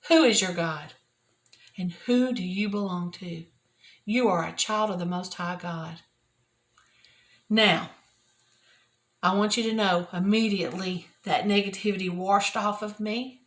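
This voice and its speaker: An older woman, sharing a personal devotional talk from her office in an earnest, repetitive, often soft-spoken way. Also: medium pitch, steady tone, a little slow, long pauses. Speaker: Christian video host. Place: private office at work.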